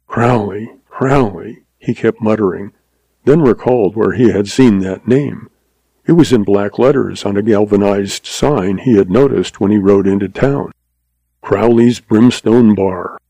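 A man reads a pulp western in a steady, dramatic storytelling voice. His tone is gravelly and dark. The recording is dry and close, with no room sound. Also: on the low side, no echo, rough recording. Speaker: audiobook narrator. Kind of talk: scripted narration.

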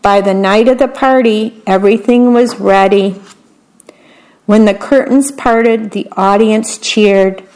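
Slow, gentle woman reading a picture book. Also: medium pitch, steady tone, poor audio. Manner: reads then describes the pictures in a chatty aside. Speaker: storybook reader.

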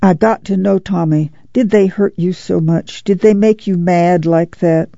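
A woman voicing a worn rural farm mother who speaks slowly and earnestly in plain folksy dialect, with a gravelly edge. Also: lowish voice, dark tone, no room sound, highs cut off.

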